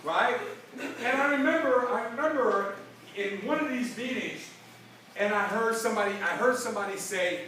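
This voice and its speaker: A middle-aged man giving a motivational convention speech from a stage, energetic and punchy, acting out dialogue and asking the crowd "right?" often. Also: very high-pitched, slight background noise. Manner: energetic, fast-shifting, acts out dialogue, frequent "right?". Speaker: motivational speaker. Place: large convention hall. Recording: echoey hall recording from far off.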